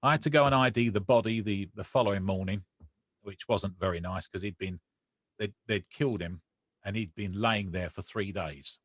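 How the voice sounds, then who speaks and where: A man appearing as a podcast guest shares a personal story emotionally, bringing remembered conversations to life through quoted dialogue. He talks at a normal speed in a lowish voice, and the recording is dry.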